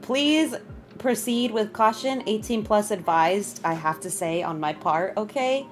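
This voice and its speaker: A woman's voice: unhurried, soft background music. A young woman streaming a game, chatting casually with viewers and greeting them by name. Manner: chatty, greets chat, bursts of high laughter. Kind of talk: casual live-stream chat.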